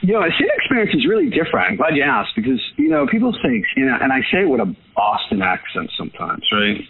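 A man's voice: mid-range voice, wildly swooping pitch, fast, gravelly, slightly rough. Enthusiastic man on a phone line. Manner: enthusiastic, repetitive, many fillers. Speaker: guest, photo business owner. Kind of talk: casual interview talk. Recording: tinny phone-line sound.

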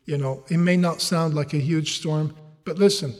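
His voice is on the high side and his speed normal as he preaches in a large hall. The man is not a native English speaker, having learned the language later, and his sermon moves through animated stories and rhetorical questions to those listening.

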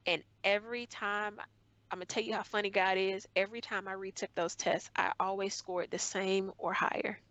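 In a dry, rough recording, a young woman with a mid-range, fairly bright voice speaks at normal speed with little pitch movement. She's a guest sharing a hurtful memory from school, earnest and emotional, often performing the quoted words.

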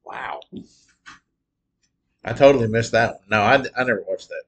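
A male podcast co-host chatting casually in a laid-back, measured way. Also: mid-range voice. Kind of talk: casual chat.

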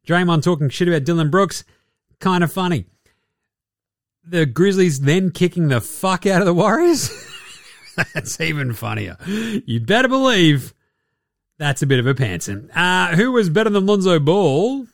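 A man's voice: high voice, very animated, a little slow, no echo, clean studio sound. An Australian man hosting a podcast, giving a sarcastic, profane basketball recap. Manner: sarcastic, swears freely. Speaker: podcast host.

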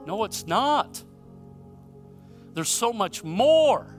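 A man from Michigan preaching a sermon, telling stories and asking rhetorical questions, swinging between loud emphasis and hushed moments. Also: high voice, animated, a little slow, pauses often, soft background music. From Michigan, USA. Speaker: pastor.

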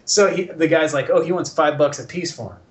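Slightly high-voiced man, swears a lot, animated storyteller voicing everyone in his anecdote. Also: a little fast. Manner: profane, animated storyteller acting out dialogue. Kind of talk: casual chat, storytelling.

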